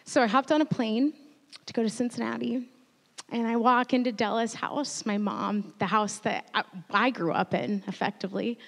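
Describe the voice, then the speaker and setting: A woman in her thirties preaching a sermon, telling a personal story earnestly and growing quietly emotional at times. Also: fairly high pitch, moderate pace, vocal fry. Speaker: pastor. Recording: long reverb of a large hall.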